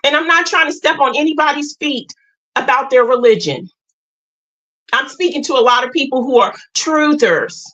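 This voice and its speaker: A woman with a high, sharp voice talks straight to her livestream viewers. She is emphatic and blunt, with a preachy edge as she lays out her spiritual views. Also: moderate pace, low-quality recording. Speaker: livestream host. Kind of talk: impassioned spiritual talk to viewers.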